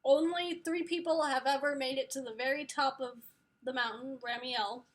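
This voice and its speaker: A woman's voice: high-pitched, fairly bright tone. A woman giving a casual spoiler book review, gushing and rambling with lots of fillers.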